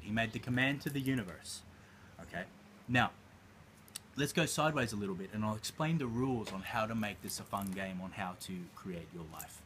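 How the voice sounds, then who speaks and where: A man's voice: medium pitch, fairly bright tone. A male life coach in a motivational talk. He tells a story and addresses listeners directly. His voice sits mid-range, and faint background noise runs underneath.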